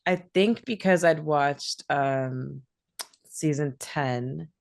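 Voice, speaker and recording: Woman, podcast co-host, casual animated chat, low voice, dry sound. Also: creaky, no room sound. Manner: chatty, animated, quick to laugh.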